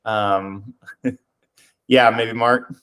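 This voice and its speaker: A man co-hosting a video call, moderating in a relaxed, friendly way with many fillers. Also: medium pitch, extremely slow, smooth. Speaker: co-host. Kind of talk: casual group call moderation.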